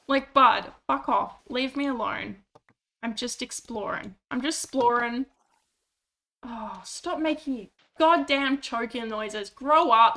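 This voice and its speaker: A woman's voice: a little high, vocal fry, pushed and bright. A woman streaming a game, chatting casually and mocking herself, swearing when annoyed. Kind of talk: casual gameplay chat.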